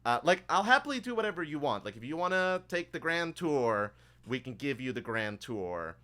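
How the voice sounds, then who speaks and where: A man voicing an eager young female elf bank clerk in a tabletop game, with chirpy, rushed sales patter full of fillers. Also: on the high side, sing-song, sharp tone, pitched above the performer's own voice.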